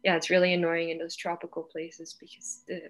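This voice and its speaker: A young woman from Portugal chatting casually as a guest, telling stories in a relaxed way with lots of fillers. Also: on the low side, a little fast. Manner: relaxed storyteller, many fillers. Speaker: guest surfer. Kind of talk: casual chat.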